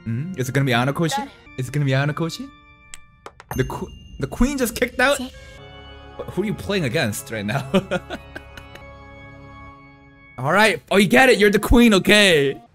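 A young man chats through an anime episode in a loose, unscripted way. He is quick to get excited and swears freely. His pitch jumps around widely while he talks, and faint music plays behind him. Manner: wry, playful running commentary. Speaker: anime reaction streamer. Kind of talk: casual live reaction commentary.

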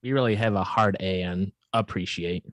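Chicago dude guest, low voice, deadpan jokes, dry close mic. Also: male voice, fairly quick, no room sound. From Chicago area. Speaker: podcast guest. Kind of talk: casual comedy podcast chat.

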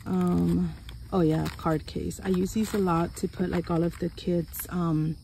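A woman chatting through an unboxing haul at home, excitable and chatty, gasping and exclaiming over each item. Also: on the low side, measured pace, creaky, a little hiss or hum. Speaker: haul vlogger. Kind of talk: casual unboxing chat. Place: home room.

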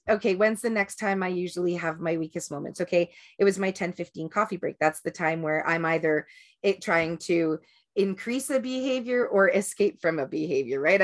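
In a lowish voice, a woman gives a casual, rambling talk about breaking habits ahead of a group meditation. She often restarts her sentences and checks in with "right?"

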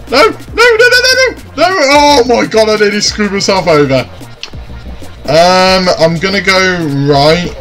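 A man commentating his own gameplay, often frustrated, swearing and shouting at the game. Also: mid-range voice. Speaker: gaming YouTuber. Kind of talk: let's play commentary.

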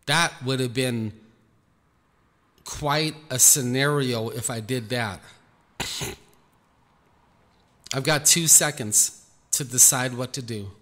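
A man, a Christian minister, telling a personal testimony in an earnest, halting way, repeating words as he goes. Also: medium pitch, pushed and bright. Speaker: Christian minister recounting an experience. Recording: echoey room, faint music behind.

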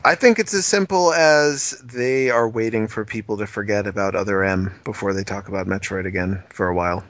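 A man's voice: lowish voice, a little fast, a bit bright, no room sound. A man co-hosting a casual podcast, rambling and thinking aloud with lots of fillers. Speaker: podcast co-host. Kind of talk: casual chat.

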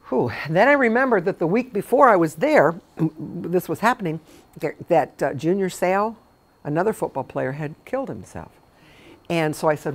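A low-pitched middle-aged woman speaking to a room of caregivers. She is a memory care consultant who tells stories in a chatty, informal way and leans on emphatic repetitions. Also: lively intonation, fairly quick.

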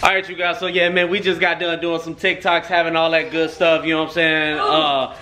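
A woman's voice: low-pitched, little pitch movement, fairly quick, crowd noise. A woman chatting and joking in slang in a casual home family vlog. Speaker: vlogger parent. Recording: noisy home video.

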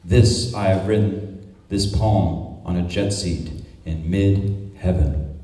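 A man's voice: deep voice, fairly even intonation, takes it slowly, warm tone. A man reading poetry aloud at a conference, in a declamatory, incantatory recitation with repeated refrains. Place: conference hall. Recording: echoey hall, mic at a distance.

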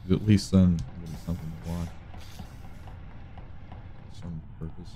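A man's voice: sits low, little pitch movement, normal speed, music in the background. A man streaming an online game, muttering sarcastic asides and swearing casually. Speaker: streamer playing a social deduction game. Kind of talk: casual gaming chat.

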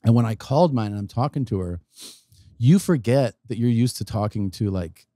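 Middle-aged man telling stories with animated voices. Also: mid-range voice, a little fast, no echo, studio quality. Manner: animated, acts out others' lines, swears, laughs while telling. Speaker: guest comedian. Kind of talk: casual podcast storytelling.

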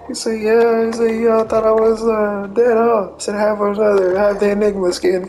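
A woman's voice: mid-range voice, normal speed, darkish tone, a little hiss or hum. A woman giving casual gameplay commentary, cursing freely, laughing often and retelling trash talk as quoted back-and-forth. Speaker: gamer.

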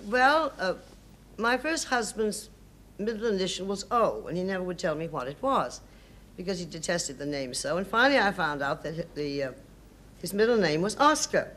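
A woman's voice: fairly low pitch, animated, normal speed, fairly bright tone, a little hiss or hum. Emphatic older woman, sardonic. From United States. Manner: emphatic, hesitant restarts, sardonic. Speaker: interview guest. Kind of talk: reminiscing interview.

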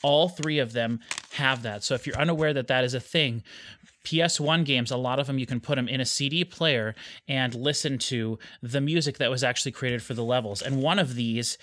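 A man's voice: medium pitch, brisk, fairly bright tone. A man hosting a casual home video, talking in a rambling way with lots of small hesitations. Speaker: YouTube host. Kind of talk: casual vlog chat.

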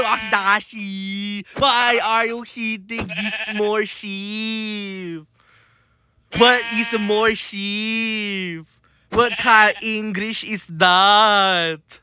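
Over gameplay footage, a comedy-video narrator scolds repeatedly, issuing the same warnings again and again. His medium-pitched voice competes with a noisy background.

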